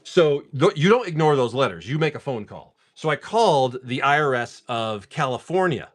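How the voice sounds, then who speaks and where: A man selling cards on a livestream tells a long story at normal speed in a medium-pitched voice as he opens packs. He's animated and chatty, saying "dude" and "like" over and over.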